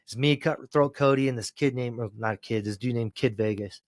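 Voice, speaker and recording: A man, a former pro wrestler, telling road stories in a casual podcast chat, cursing freely and rambling, climbing loud and high as he gets worked up. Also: a little fast, no room sound. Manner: profane, rambling storyteller, gets loud and high when excited.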